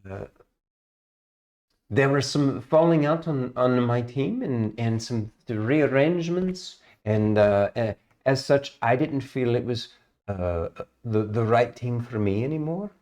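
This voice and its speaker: A gentle, reserved elven ranger woman speaks with a put-on accent, as a man voices her. Her voice sits well above the performer's usual register and comes out courteous and halting, full of small restarts. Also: mid-range voice, lively intonation, voice pushed up. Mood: polite. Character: sweet, reserved, polite female elven ranger.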